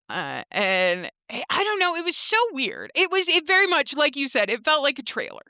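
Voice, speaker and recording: A young woman co-hosts a casual recap podcast. Her voice is bright and crisp, and she is recorded dry and close to the mic. She retells scenes by voicing the characters, with plenty of "like" and "um.". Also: on the high side, sing-song, a little slow, dry recording. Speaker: podcast co-host.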